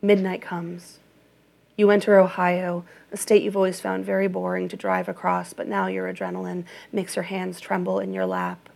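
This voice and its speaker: A woman reading an audiobook in a measured, even narration. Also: fairly low pitch, creaky.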